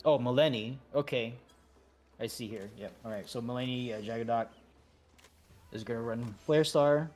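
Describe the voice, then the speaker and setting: A man at mid pitch, calmly organizing an online game raid over voice chat. He talks loosely and haltingly, stopping to restart sentences and filling gaps with "uh". He sounds like he is on a headset mic at home. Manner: relaxed, halting, many fillers and restarts. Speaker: raid leader.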